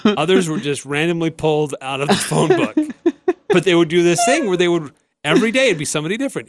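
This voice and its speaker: A man's voice: fairly high pitch, animated, fast talker, no echo. A man hosting a radio sports show, teasing his co-host with a straight face and dry humor. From Utah. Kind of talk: casual radio banter. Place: radio studio. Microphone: studio microphone.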